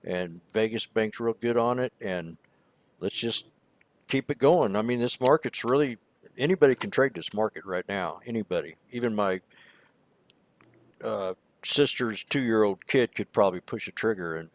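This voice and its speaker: A low-pitched man gives casual market commentary in a rambling, emphatic way, often repeating himself. His voice is recorded dry and close, with no room sound around it. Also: animated, moderate pace, dry recording. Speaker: stock trading show co-host.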